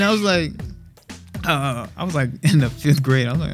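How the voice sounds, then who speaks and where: A man in casual podcast chat, telling lively stories and putting on voices. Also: on the high side, normal speed, soft background music. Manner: animated storyteller, mimics voices with laughs. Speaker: podcast guest.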